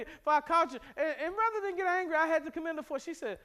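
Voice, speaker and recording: A man, a pastor from America, preaching a sermon in a church, animated and humorous, with sudden bursts of emphasis. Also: extremely high pitch, rapid-fire, hardly any pauses. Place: church sanctuary.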